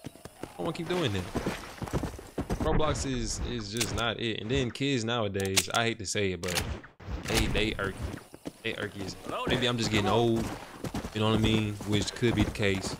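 A young male gaming streamer with a lowish voice, rambling to his chat in loose, profane slang. Loud game audio sits under him, with horse hooves clopping and outdoor ambience. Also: normal speed, long pauses, heavy background noise. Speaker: gaming livestreamer. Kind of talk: casual chat to a stream audience while playing. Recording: loud game sounds over the voice.

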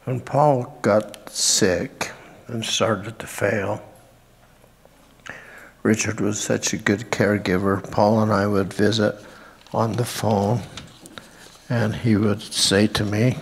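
An older man from Utah giving a halting family tribute at a memorial and reading scripture aloud. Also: lowish voice, flat delivery, vocal fry. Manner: halting, with frequent pauses and fillers. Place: church sanctuary. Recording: reverberant church hall.

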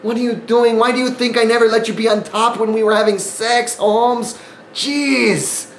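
A man's voice: extremely high pitch, steady tone, normal speed, roomy sound, slight background noise, voice pushed up. A man doing an exasperated adult male wrestler scolding his wife, in a mock Mexican accent, mock-scolding and incredulous.

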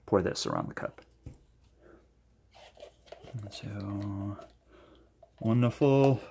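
A man with a lowish voice hosts a paint-pouring demo. He chats enthusiastically to the camera and thinks aloud as he mixes. His pitch swings widely, but he takes his time over every word. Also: very animated, measured pace, slight background noise. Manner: chatty, enthusiastic, thinking aloud while mixing. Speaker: acrylic pouring channel host. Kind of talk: casual demo talk to camera.

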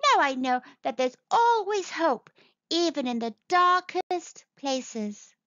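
A patient, loving mother mole in a storybook, as a woman reader puts her on, speaking softly and unhurriedly and sometimes dropping to a whisper. Her voice sits high and is lively, and the sound is dull and lo-fi. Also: dry recording. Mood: gentle. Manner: soft, slow and soothing, sometimes whispered.

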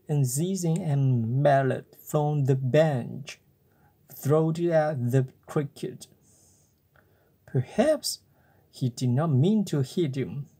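A bedtime storyteller reads at a very slow, unhurried pace. The voice is mellow and breathy, soft enough to lull a listener to sleep. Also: medium pitch.

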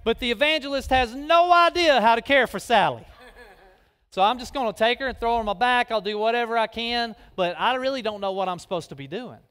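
Guy preaching in a big echoey church, high voice, folksy and animated. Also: a little fast, smooth. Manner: folksy, animated, directing people onstage. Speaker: guest preacher. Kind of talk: sermon with live skit. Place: large church hall. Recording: long reverb of a big hall.

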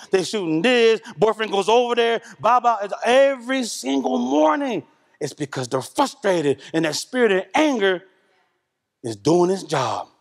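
A middle-aged man from Oklahoma delivers a sermon in a church, his voice pitched high for a man and carrying a long reverb through the hall. He tells stories in a loose, colloquial way, rising loud and then dropping to a hush. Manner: animated, colloquial storytelling with shifts between loud and hushed. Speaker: pastor. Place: church sanctuary.

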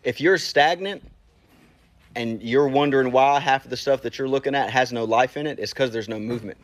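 Animated male preacher. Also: medium pitch, a little fast. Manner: animated, conversational, talks straight to the congregation. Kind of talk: casual sermon.

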